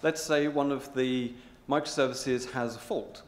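A man giving a rehearsed pitch presentation in a hotel conference hall, stressing words in a deliberate, drawn-out way. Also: steady tone. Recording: echoey hotel hall with long reverb.

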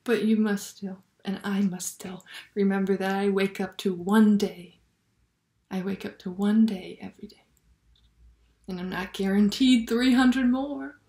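Slow, reflective woman in an echoey room. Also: mid-range voice, fairly even intonation. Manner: slow, thoughtful, with soft near-whispered phrases. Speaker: Catholic video blogger. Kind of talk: reflective spiritual talk. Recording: roomy echo.

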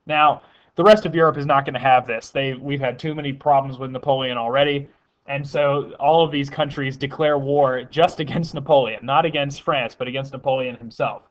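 A man's voice: medium pitch, fairly even intonation, a little fast. Man, casual history lecture, fillers and self-corrections, muffled podcast sound. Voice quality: conversational with frequent fillers and restarts.

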